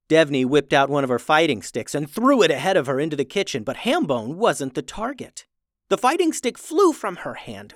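A children's podcast host reading a storybook aloud in a lively, upbeat way. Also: medium pitch, no room sound, clean studio sound. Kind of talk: storybook narration.

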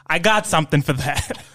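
A man putting on the voice of a smooth-talking Italian-American mobster running for local office, with slow, wry, veiled threats. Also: a little high, sharp tone, no room sound, exaggerated voice. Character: shady male Italian-American mob candidate, menacing.

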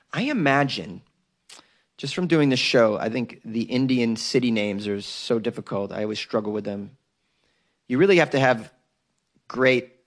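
A man's voice: mid-range voice, fairly bright tone. A man hosting a daily news podcast as a comedian, riffing loosely with joking asides.

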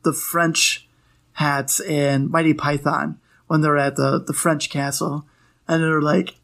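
A playful young man with a fairly high voice chats casually as a podcast co-host. He rambles and restarts his thoughts, then jokes around with his partner. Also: little pitch movement, slow, creaky, fairly bright tone. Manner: rambling, playful, self-correcting. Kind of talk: casual chat about trading cards.

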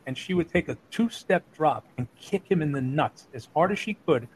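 His voice is a little high and his pace normal as this middle-aged man spins foul-mouthed stories in easygoing chat, animatedly imitating the people involved. There's slight background noise, and the recording quality is low.

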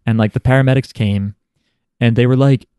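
A man's voice: mid-range voice, fairly even intonation, a little fast, dark tone, clear, resonant tone, no echo, studio quality. A young man co-hosting a podcast, telling stories and teasing in casual chat. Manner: joking, teasing storyteller. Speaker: podcast co-host.

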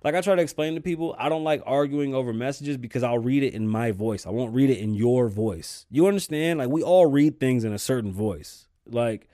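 A young man hosting his own podcast, ranting casually and cursing a lot, flaring up in heated bursts and then sinking back to a low mutter. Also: a little fast, hardly any pauses, warm tone, no echo, clean studio sound. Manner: profane, heated rants that drop to low muttering. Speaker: podcast host.

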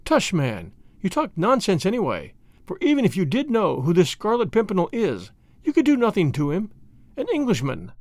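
A man's voice: high-pitched, wildly swooping pitch, moderate pace, a little mellow, no echo. A man voicing a proud, spirited young noblewoman who is flippant and indignant in a storybook reading. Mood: haughty.

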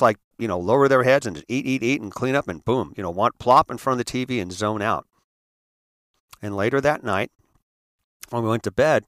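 Earnest halting man telling his story. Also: medium pitch, fairly bright tone, dry recording, clean studio sound. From San Francisco area, United States. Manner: earnest, halting, with many restarts and repeated words. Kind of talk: personal storytelling talk.

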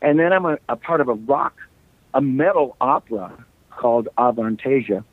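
A middle-aged American rock singer chats loosely as a guest, joking and rambling through stories in a slightly scratchy voice. He is mid-range and expressive at a normal speed, heard over a dry, tinny call line.

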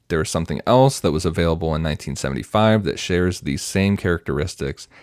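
A man with a very low voice walks his co-hosts through researched notes. He reads evenly and matter-of-factly. The recording is dry and close. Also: dry recording. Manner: reads prepared notes in an even, matter-of-fact way. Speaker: podcast co-host presenting research. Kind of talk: casual podcast, presenting notes.

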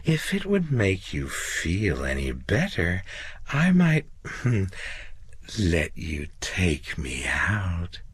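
Man doing a coy, breathy receptionist. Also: sits low, huge pitch swings, slow pace, few pauses, no room sound, exaggerated voice.

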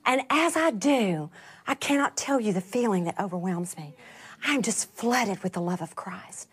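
A middle-aged woman telling a testimony as a sermon, animated, rising to laughing emphasis and dropping to hushed whispers. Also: mid-range voice, normal speed, husky. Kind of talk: sermon storytelling.

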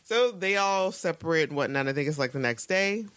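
A woman co-hosting a casual podcast, chatting through episode recaps with a very lively, swooping pitch. She laughs often and jumps into high put-on voices when she quotes characters. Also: brisk, clear, resonant tone, dry recording. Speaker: podcast co-host. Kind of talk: casual rewatch podcast chat.

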